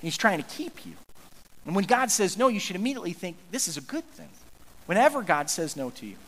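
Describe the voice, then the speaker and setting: Pastor guy preaching, high voice, lots of restarts, long hall echo. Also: big pitch swings, quick pace, a bit bright. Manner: earnest, conversational, frequent restarts. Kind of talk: sermon.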